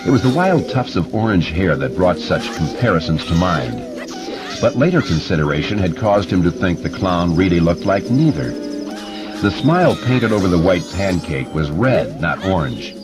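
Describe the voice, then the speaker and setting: A man giving expressive, measured narration of a horror audiobook. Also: low-pitched. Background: music.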